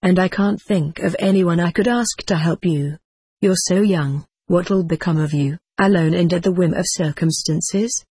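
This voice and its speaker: A frail, devout widowed mother pleads softly and slowly with her child, as a woman narrator gives her voice. The tone sits lowish and breathy, close and dry with no room around it, gentle and earnest throughout. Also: no room sound. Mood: tender. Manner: slow, tender, pleading. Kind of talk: audiobook character reading.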